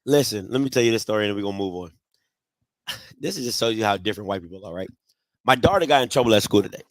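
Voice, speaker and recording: Lively man telling stories in a dry room. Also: lowish voice, fast, no room sound. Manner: lively anecdote teller, mimics voices in his stories. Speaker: co-host. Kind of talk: casual podcast chat.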